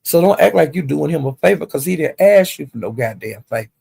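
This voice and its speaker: An older woman telling a story in a loud, profane, animated casual rant. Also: low-pitched, fairly quick, vocal fry, breathy edge.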